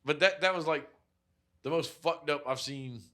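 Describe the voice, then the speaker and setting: A man's voice: on the high side, normal speed. A man co-hosting a podcast, telling a story in casual profane chat and acting out the people in it. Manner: animated, profane storytelling with acted-out quotes. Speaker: podcast co-host.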